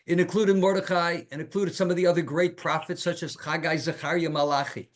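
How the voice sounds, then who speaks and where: Animated rabbi teaching with rhetorical questions. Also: male voice, on the high side, fairly quick. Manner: sprinkles Hebrew terms. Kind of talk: Torah lecture.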